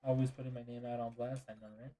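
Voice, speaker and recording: A man's voice: mid-range voice, completely flat delivery, fast talker, mellow, faint music behind, low-quality recording. A tired man streaming a game and chatting casually with viewers. He yawns, answers chat, and apologizes often. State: tired and yawning.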